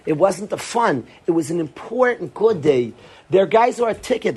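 A man's voice: high-pitched, big pitch swings, normal speed, a little mellow, breathy edge. A man, a rabbi, giving an earnest Torah lecture to yeshiva students, often repeating phrases for emphasis.

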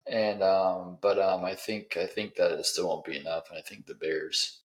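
A man's voice: low voice, fairly even intonation, moderate pace. A man hosting a sports podcast, leading the segments with dry sarcasm and a lot of ums. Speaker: podcast host. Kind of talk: casual sports chat.

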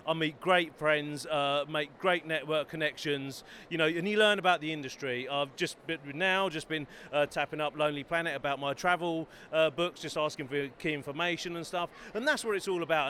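A man's voice: on the high side, pushed and bright, a little hiss or hum. A man from Bedford, an author, talking chattily and eagerly about his books in an interview at a busy fair. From Bedford, England. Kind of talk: enthusiastic self-promoting interview. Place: busy trade fair hall.

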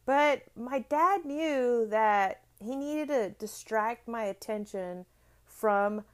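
A woman's voice: on the high side, expressive, slow pace. A middle-aged woman giving an earnest motivational talk. She repeats phrases for emphasis and often checks in with "right?". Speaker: motivational speaker.

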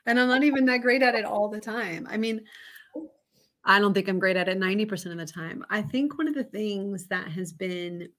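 A woman in her thirties, a podcast guest, telling a candid, reflective story about parenting in a casual interview. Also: lowish voice.

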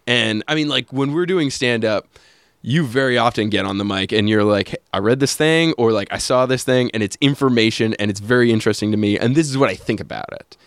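A man hosting a podcast, chatting casually with lots of fillers and quick laughs. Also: mid-range voice, no echo, studio quality. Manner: rambling, with frequent fillers and laughs. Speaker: podcast host. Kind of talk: casual chat.

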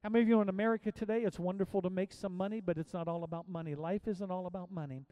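High-voiced preaching pastor, dry sound. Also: male voice, fairly even intonation, racing, dark tone, dry recording. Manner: preaching with rising and falling intensity, repetitive exhortations. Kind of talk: sermon.

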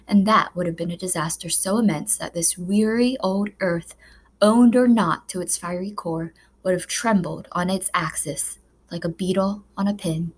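A woman reading a children's novel aloud as a narrator, with measured, expressive storytelling. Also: on the low side, breathy edge. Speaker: audiobook narrator. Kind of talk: scripted narration.

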